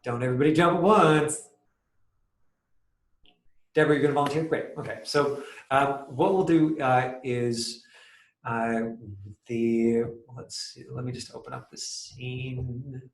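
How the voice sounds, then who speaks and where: A man teaching an acting class, casually explaining comedy with lively acted-out examples. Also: medium pitch. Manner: animated, acts out quick examples with loud outbursts. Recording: echoey room.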